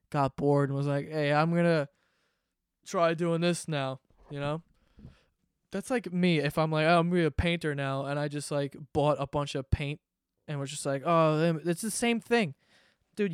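A man's voice: a little high, darkish tone, clear, resonant tone, no echo, clean studio sound. A man ranting sarcastically and swearing freely in a casual comedic monologue, host of his own podcast.

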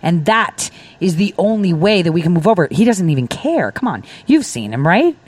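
A woman's voice: on the low side, very animated, moderate pace, darkish tone, no room sound. A woman talking as a guest on a political talk show, emphatic and rambling, acting out quoted exchanges as she explains. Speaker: defense contractor. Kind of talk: political talk radio conversation.

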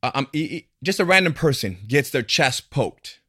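A man in casual podcast conversation, talking in an animated way and acting out the voices he quotes. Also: medium pitch, normal speed, slightly rough, no echo, clean studio sound.

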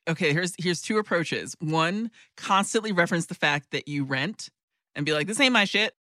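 A woman's voice: deep voice, lively intonation, moderate pace, fairly bright tone, dry recording, clean studio sound. A woman co-hosting a podcast, chatting casually, laughing often and giving playful joking advice. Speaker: podcast co-host. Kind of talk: casual chat.

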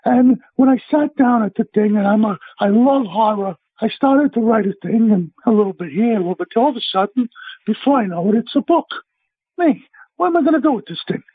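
A middle-aged man, a chef telling blunt, animated stories in a phone interview. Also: high-pitched, fairly quick, slightly rough, dry recording. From United States. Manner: brash, blunt, animated storyteller. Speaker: celebrity chef, interview guest. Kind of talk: casual phone interview storytelling. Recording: tinny phone line.

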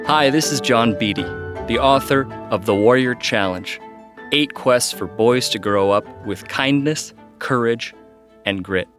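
A man's voice: mid-range voice, a bit bright. A man author talking in an earnest, reflective way. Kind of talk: casual talk.

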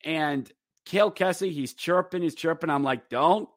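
A man hosting a podcast, giving a rambling, animated casual recap of a hockey game. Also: fairly high pitch, normal speed, dry recording, clean studio sound. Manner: rambling and animated, breaks into acted quotes. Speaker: podcast host.

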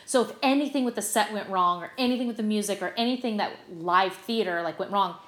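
A middle-aged stage actress, appearing as a guest in a casual interview, shares backstage stories in a bubbly, animated way with lots of little fillers. She talks fast at a typical pitch for a woman, and the room is echoey.

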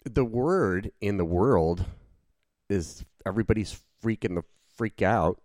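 A man co-hosts a podcast in a casual chat, laid-back and rambling with many fillers. His low-leaning voice has lively intonation, a slightly slow pace, and a little mellowness, in clean studio sound with no room sound.

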